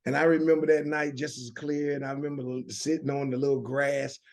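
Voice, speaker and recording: A man's voice: medium pitch, little pitch movement, brisk. A middle-aged man with a Southern American drawl, telling his story earnestly as a guest on an interview show. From United States. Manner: earnest, with many restarts. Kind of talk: conversational storytelling.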